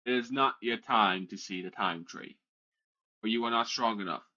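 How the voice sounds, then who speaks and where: A man voicing an ancient female dragon in a tabletop game, speaking solemnly and measured. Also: lowish voice, bright, forceful tone, dull audio.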